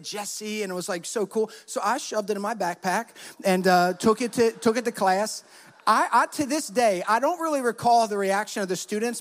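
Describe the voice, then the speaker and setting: A man preaching as a pastor, telling stories in an animated way and acting out the quotes. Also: high-pitched, long reverb tail. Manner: animated storytelling, acts out quotes. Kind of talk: sermon with personal stories.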